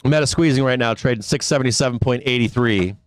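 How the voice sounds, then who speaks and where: A man's voice: medium pitch, fast, no room sound. A middle-aged man hosting a live trading stream, ranting bluntly and sarcastically with plenty of swearing. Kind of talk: casual live-stream rant.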